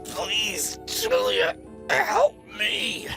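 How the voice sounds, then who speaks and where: A man's voice: lowish voice, lively intonation, normal speed, music in the background, pitched above the performer's own voice, close to an everyday voice. A man voicing a lonely, awkward man who is earnest and lovestruck and pleads desperately. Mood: desperate pleading.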